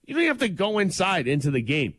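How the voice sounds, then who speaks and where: A slightly high-voiced man co-hosts a morning radio show, teasing his partner with a lively, wide-ranging delivery. The mic sound is dry and close. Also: quick pace, no echo. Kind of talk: casual chat.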